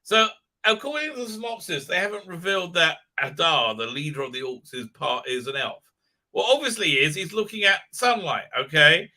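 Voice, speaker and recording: A man hosting a live stream, ranting profanely and mocking characters in squeaky put-on voices. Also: animated, fairly quick, bright, forceful tone. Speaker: show host.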